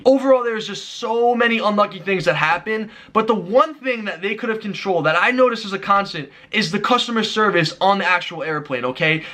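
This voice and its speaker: A man's voice: sits high, bright, forceful tone. A young man telling a frustrated travel story in a vlog, ranting and acting out the exchanges. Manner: exasperated, fast ranting, acts out quoted exchanges. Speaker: vlogger.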